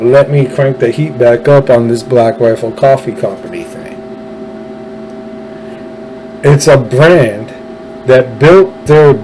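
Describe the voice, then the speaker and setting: A man rants through a political monologue, hammering points with repeated phrases. His voice is mellow and dark, and he talks at an unhurried pace. A faint hum of room noise sits underneath. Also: medium pitch, rough recording. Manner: ranting, emphatic, repeats phrases. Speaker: political podcast host. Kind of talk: opinionated monologue.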